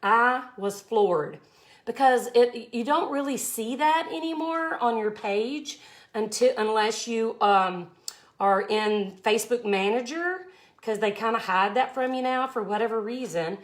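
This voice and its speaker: A woman's voice: on the high side, measured pace. Chatty woman teaching glass art. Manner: chatty, effusive, emotional. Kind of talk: casual live tutorial chat.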